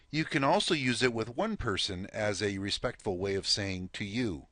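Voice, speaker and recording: A man's voice: fairly low pitch, normal speed, few pauses, fairly bright tone, no echo. A man teaching a language lesson, patiently repeating words and prompting the listener to say them back. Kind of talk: slow step-by-step language lesson.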